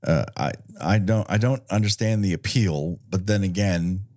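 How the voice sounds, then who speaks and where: A man's voice: low voice, normal speed, darkish tone. A man co-hosting a comedy film podcast, talking casually with sarcastic asides and a lot of swearing. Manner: sarcastic, swears freely, riffs in silly put-on quotes. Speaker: podcast co-host.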